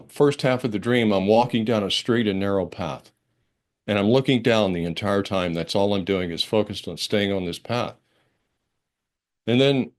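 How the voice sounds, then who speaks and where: Older man telling a dramatic sermon story. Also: mid-range voice. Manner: expressive, dramatic storytelling with big swings between hushed and excited; conversational, with fillers and restarts. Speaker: minister. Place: church service.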